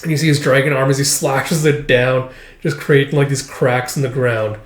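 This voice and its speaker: A man's voice: mid-range voice, moderate pace. Man casually reading through a comic. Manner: relaxed, filler-heavy retelling with quoted dialogue. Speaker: manga reader and commentator. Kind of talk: casual manga read-through. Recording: roomy echo.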